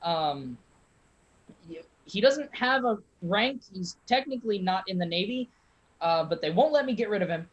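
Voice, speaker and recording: A man voicing a brisk male ship captain who talks fast, with a lifted pitch. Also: animated, muffled recording. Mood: wry. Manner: quick, upbeat.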